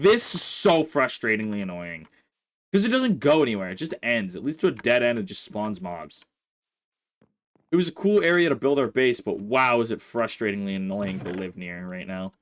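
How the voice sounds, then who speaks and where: A man hosting a casual let's play, commenting on his gameplay and grumbling in exasperation at his in-game horse. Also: lowish voice.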